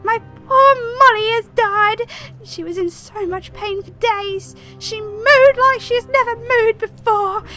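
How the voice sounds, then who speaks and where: A woman voicing a hysterical peasant woman who wails and accuses in a tearful, shrill voice. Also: takes it slowly, pushed and bright, soft background music, full character voice. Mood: wailing.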